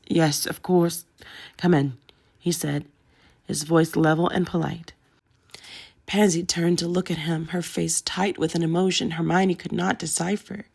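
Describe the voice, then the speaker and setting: Low, gravelly woman reading a story aloud, steady delivery. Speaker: audiobook narrator. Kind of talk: storybook narration.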